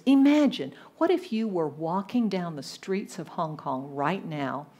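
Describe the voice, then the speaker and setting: A woman with a softened Southern American accent preaching a sermon to a congregation, animated and asking them questions. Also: mid-range voice. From Southern United States. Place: church congregation abroad.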